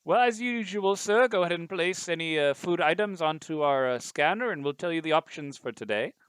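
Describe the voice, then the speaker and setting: A man's voice: on the high side, expressive, brisk, a bit bright, smooth, dry recording, pitched above the performer's own voice. A man voicing a courteous, butler-like kitchen computer that speaks formally and calls the player sir.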